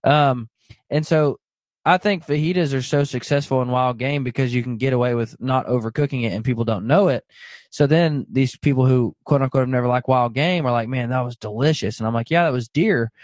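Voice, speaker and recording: A man's voice: medium pitch, fairly quick, a little mellow, no room sound. A man hosting a podcast in casual chat, making his points in an emphatic, preachy way. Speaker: podcast host.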